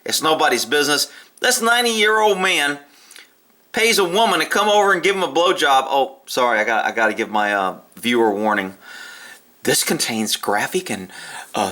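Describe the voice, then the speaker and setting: A man's voice: medium pitch, sharp tone. A man who works as a police officer, talking casually to camera in a blunt, profane way and often laughing. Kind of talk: casual opinion rant to camera.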